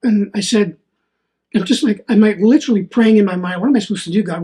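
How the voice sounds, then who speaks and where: A man's voice: high voice, fairly quick, a little mellow. Guy doing a solo faith podcast, earnest, kinda rambly, repeats himself a lot. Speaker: podcast host.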